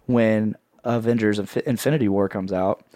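A man hosting a casual podcast, rambling through plugs with a playful sales-pitch delivery. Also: steady tone, moderate pace, mellow, dry recording, clean studio sound. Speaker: podcast host and network editor. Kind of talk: casual podcast chat with co-hosts.

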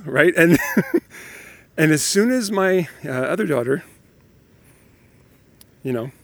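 A man in his thirties or forties, a father telling parenting stories in a casual, animated monologue and laughing often. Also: fairly high pitch.

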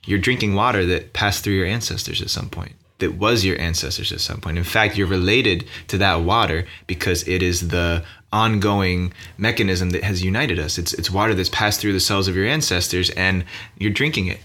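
A man hosting a podcast, talking in a relaxed, reflective and playful way. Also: low-pitched, normal speed. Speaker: podcast host. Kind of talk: casual podcast conversation.

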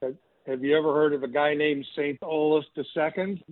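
A man's voice: fairly high pitch, fairly even intonation, fairly quick, dry recording. An older man from Minnesota calling in to a radio show, enthusiastic and folksy. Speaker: caller. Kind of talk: call-in chat. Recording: tinny phone line.

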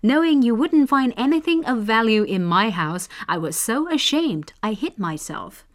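A woman's voice: a little high, animated, moderate pace, close to an everyday voice. A woman voicing a witty, sly male folk trickster in a storybook reading, with a raised, mock-innocent voice.

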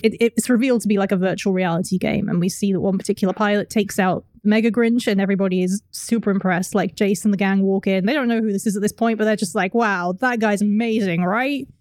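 A woman's voice: medium pitch, fairly even intonation, fast, few pauses, a little mellow, no echo, studio quality. A woman co-hosting a podcast, recapping a cartoon in casual chat, laughing often and acting out the characters' lines. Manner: giggly, acts out characters' lines. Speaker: podcast co-host.

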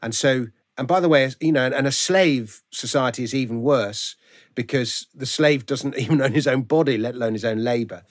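A man's voice: mid-range voice, fairly quick. A man, a guest author, talking animatedly in a remote interview and often restarting his phrases. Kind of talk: conversational interview. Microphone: video call.

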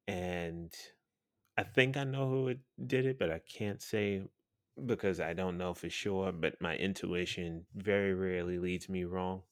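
A man's voice: sits low, steady tone, measured pace, no echo, clean studio sound. A man hosting a podcast, telling a story in a blunt, profane, chatty way and laughing now and then. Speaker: podcast host and radio personality.

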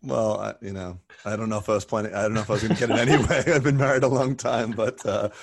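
A man's voice: fairly low pitch, fairly even intonation, fast talker, vocal fry, a little hiss or hum. A man hosting a dental podcast, upbeat and teasing, often laughing. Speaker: podcast host, dentist. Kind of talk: casual podcast chat.

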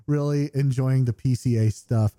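An American podcast co-host speaks in a mid-range, dark-toned voice with fairly even intonation at a moderate pace, chatting casually and reading listener feedback while swearing and making jokes at his own expense. He's recording from home over a remote call, yet the sound is dry and clean, like a studio.

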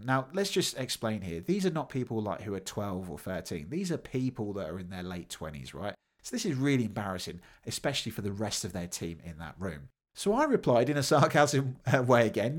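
A man hosts his podcast and tells a personal story in a casual monologue. His pitch moves widely as he talks. He acts out the voices of the people he quotes. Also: very animated, brisk. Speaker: podcast host.

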